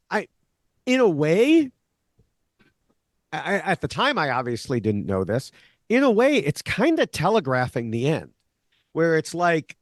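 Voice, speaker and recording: Guy cohosting a tv recap podcast, lively up-and-down voice, laughs a lot, dry close sound. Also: sits high, normal speed, dry recording. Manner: animated recapping, laughs often. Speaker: podcast co-host, Survivor expert. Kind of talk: casual podcast chat.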